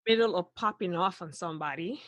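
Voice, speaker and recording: A woman hosting a podcast in casual chat, excitable and effusive, laughing often. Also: on the low side, brisk, no echo. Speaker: podcast host.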